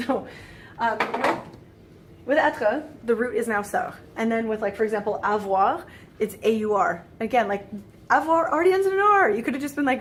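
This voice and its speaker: A chatty woman walks through a grammar lesson with a slightly high voice and easy, filler-heavy speech. She drops in playful, exasperated asides. A faint hiss sits under the recording. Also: fast talker. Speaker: French teacher. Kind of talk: casual screen-recorded lesson.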